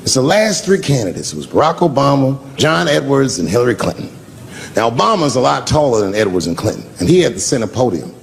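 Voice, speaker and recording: A man telling a stand-up story on a live stage, animated and profane, acting out the people in it. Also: medium pitch, fast, gravelly, slight background noise. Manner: animated, acts out characters, profane. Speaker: stand-up comedian. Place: live stage before an audience.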